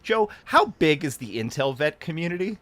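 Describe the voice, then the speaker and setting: Excitable high-voiced man hosting a live chat. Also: moderate pace. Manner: excitable, laughs often, swings from loud cheering to low asides. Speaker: podcast host. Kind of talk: casual live-stream chat.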